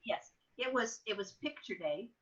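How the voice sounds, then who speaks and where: A woman's voice: a little high, normal speed. An older woman recalls her childhood in an easy, chatty interview. She livens her tellings by acting out her younger self and her mother. The recording sounds a little dull and muffled. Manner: animated storytelling, acts out her younger self. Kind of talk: telling family stories. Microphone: soft and distant at times.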